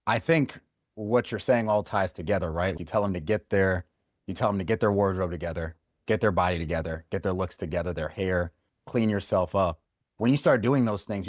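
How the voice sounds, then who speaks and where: A man's voice: low-pitched, no echo, studio quality. A man hosting a podcast, talking casually and eagerly, thinking aloud as he sums up his guest's points. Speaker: podcast host.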